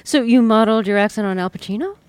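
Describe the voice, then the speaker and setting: A woman's voice: a little high, animated, quick pace, darkish tone, clean tone, dry recording. Curious woman interviewer in a dry studio. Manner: curious, amused questioner. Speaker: interviewer host. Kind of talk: radio interview.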